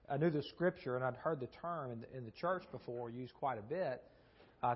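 Husky-voiced man preaching conversationally. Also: medium pitch. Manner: rambling, frequent restarts and repeated words; asks the audience questions. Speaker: preacher teaching a Bible class. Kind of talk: conversational sermon with storytelling. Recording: dull lo-fi recording.

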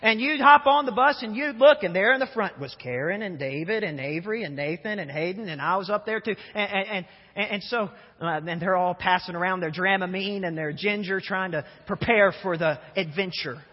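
Young man, preacher, high voice, husky tone, animated storytelling, stumbles and repeats words, echoey church hall. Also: brisk, muffled recording. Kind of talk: sermon with humorous storytelling. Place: church sanctuary.

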